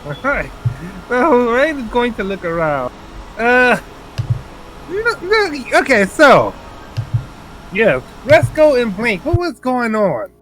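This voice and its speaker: A man's voice: very high-pitched, wildly swooping pitch, takes it slowly, pauses often, fairly bright tone, a little hiss or hum, rough recording. A man running a tabletop role-playing game as game master, calling for dice rolls and setting the scene. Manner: leads the scene, calls for rolls.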